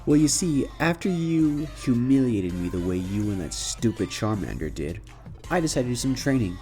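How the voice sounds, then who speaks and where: A man's voice: medium pitch, sing-song, normal speed, mellow, soft background music, close to an everyday voice. A man voicing a cocky, arrogant young rival trainer who sneers and taunts. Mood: sneering.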